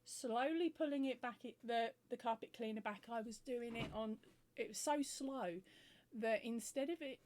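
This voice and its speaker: A woman's voice: a little high, normal speed, a little mellow, a little hiss or hum. A woman vlogging about crochet, telling a funny home story in a chatty, giggly way and acting out both sides of the conversations.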